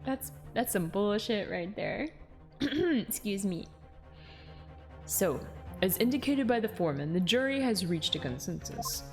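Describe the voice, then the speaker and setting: Woman streamer, casual and laughing, reads game lines, mid-pitched, game music under her voice. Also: expressive, measured pace, pauses often. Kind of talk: live game playthrough with read-aloud dialogue.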